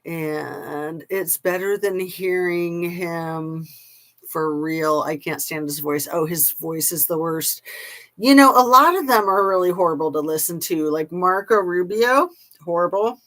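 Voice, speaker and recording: A woman's voice: lowish voice, measured pace, a bit bright. A woman commentator chatting casually to her camera, with scornful asides. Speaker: YouTube commentator.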